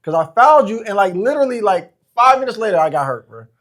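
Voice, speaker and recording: Young guy with a high lively voice, chatting and laughing on a podcast. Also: quick pace. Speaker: podcast guest. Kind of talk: casual chat.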